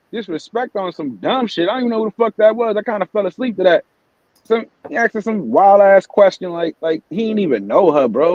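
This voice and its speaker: A man with a high voice hosts a casual live-stream morning show. He rants heatedly and swears freely. The sound is dry and a bit dull, with the highs rolled off. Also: darkish tone, no echo. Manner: profane, heated ranting. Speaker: host.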